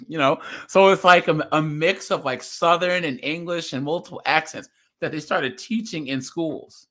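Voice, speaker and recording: A man hosting a casual reaction chat, animated and rambling, often laughing. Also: fairly high pitch, moderate pace. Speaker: host.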